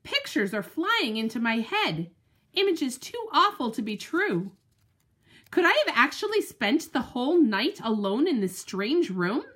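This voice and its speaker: A woman reading a children's storybook aloud with animated, dramatic expression, telling it as the dog. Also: high voice, measured pace, breathy edge. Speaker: audiobook narrator.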